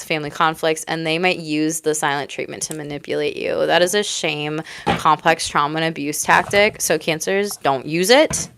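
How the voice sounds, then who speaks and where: Gushing, excitable woman tarot reader. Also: sits low, clean tone. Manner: excitable, gushing, laughs often; casual, swears freely. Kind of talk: live tarot reading to chat viewers.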